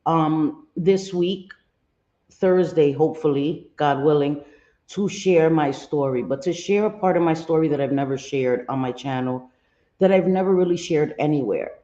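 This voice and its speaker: A low, mellow-voiced woman hosts a casual livestream, stopping to greet viewers by name as she talks things through with plenty of ums. Her voice comes through a dull, lo-fi line in a roomy space. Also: normal speed. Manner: earnest, candid commentary. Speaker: livestream host.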